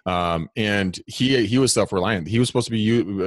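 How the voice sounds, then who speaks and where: A man's voice: on the low side, normal speed, hardly any pauses, no echo. A man co-hosting a podcast interview, telling a personal story casually with dry sarcasm. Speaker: podcast co-host.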